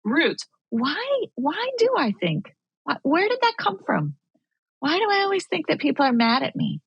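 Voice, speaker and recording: A woman's voice: high voice, wildly swooping pitch, moderate pace, creaky, dry recording, dull audio. A woman speaking as a guest expert on a podcast, earnest and coaching, acting out inner dialogue as she explains. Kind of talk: podcast conversation.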